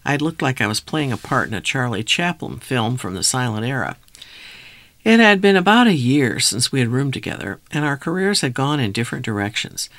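A man's voice: medium pitch, big pitch swings, a little fast, fairly bright tone, dry recording. A man reading his own memoir aloud in a reflective, wry first-person storytelling manner. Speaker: memoir narrator.

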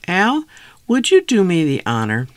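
A man's voice: high voice, wildly swooping pitch, measured pace, no echo, pitched above the performer's own voice, heavily acted. A man voicing an eager, effusive young male actor friend within his memoir reading.

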